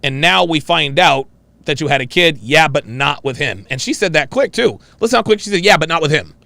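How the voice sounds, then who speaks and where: A man's voice: fairly high pitch, expressive, normal speed, creaky, sharp tone, no echo. A man giving mocking, emphatic reaction commentary on a played clip.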